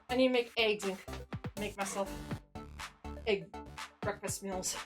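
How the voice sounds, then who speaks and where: A woman streamer chats casually on a live stream after a workout, tired and out of breath, in a medium-pitched voice that's a little slow with frequent pauses. She rambles, sighs often and pokes fun at herself, with soft music in the background.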